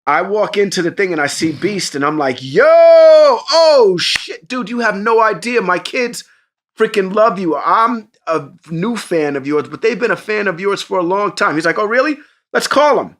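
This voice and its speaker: A man co-hosting a podcast, telling an animated, profane story in casual chat and jumping into excited voices for the people in it. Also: high voice, normal speed. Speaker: podcast co-host.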